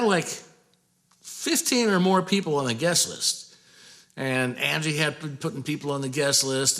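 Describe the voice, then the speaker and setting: A man from Portland, Oregon, a metal singer, telling a rambling, animated story in casual talk and acting out the lines of the people in it. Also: a little high. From Portland, Oregon, USA. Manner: rambling, animated, acts out quoted dialogue.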